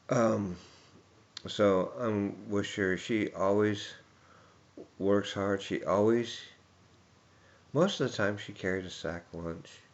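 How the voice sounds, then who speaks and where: A man's voice: sits low, creaky, lo-fi sound. A man giving a personal tribute speech, rambling through anecdotes and chuckling often.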